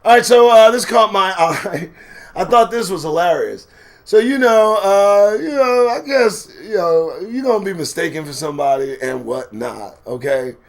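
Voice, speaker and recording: A man hosting a casual live-stream commentary show. His voice sits a bit high for a man and swings widely as he jokes. He swears freely and riffs sarcastically on the news he reads out. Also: moderate pace. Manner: animated, profane, sarcastic riffing. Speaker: show host.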